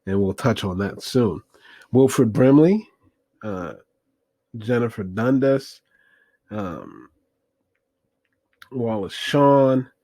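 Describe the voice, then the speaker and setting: A man's voice: mid-range voice, lively intonation, drawn-out words, pauses often, dark tone, no echo. A man casually recapping an old film, rambling with many fillers and wry asides. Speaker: movie review host.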